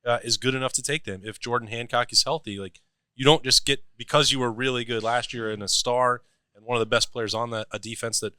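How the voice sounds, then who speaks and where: A man's voice: mid-range voice, steady tone, brisk, sharp tone, clean tone, dry recording. A man on a sports podcast panel, breaking down plays analytically. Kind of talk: casual sports talk.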